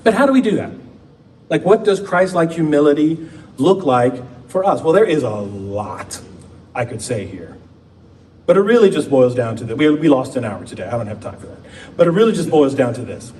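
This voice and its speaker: A man with a fairly high voice preaches in a casual, joking way, slowing right down for emphasis. He sounds a little distant from the mic, with faint noise in the background. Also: big pitch swings, a little mellow. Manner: conversational preaching with dramatic slowdowns and playful asides. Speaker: pastor. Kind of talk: sermon. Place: church sanctuary.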